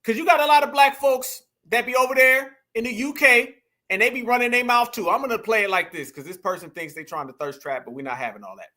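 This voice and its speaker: A man's voice: very high-pitched, quick pace, pushed and bright. A man hosting a reaction commentary, addressing viewers as "y'all" and "family" and repeating phrases for emphasis. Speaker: commentary host.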